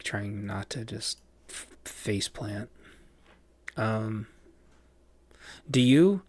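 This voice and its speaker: Slow gravelly dude on a stream, rambling and muttering, swears a lot. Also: male voice, medium pitch, no room sound. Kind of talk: casual live-stream chat.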